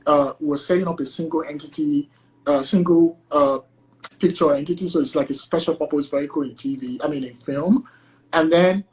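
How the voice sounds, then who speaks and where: A chatty man from Nigeria talks through his work as a guest attorney, peppering nearly every phrase with "like." His tone is loose and conversational, and he slips into lively voices when acting out exchanges. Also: fairly high pitch, brisk, poor audio. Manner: chatty, heavy use of "like" as filler. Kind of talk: casual conversational interview.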